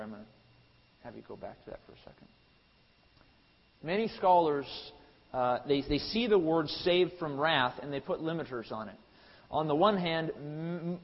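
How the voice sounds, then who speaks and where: Emphatic preacher in a reverberant hall. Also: male voice, a little high. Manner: builds to emphatic, louder peaks, then drops to quiet asides; frequent restarts and hesitations. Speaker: pastor. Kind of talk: sermon. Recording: long hall reverb, dull lo-fi sound.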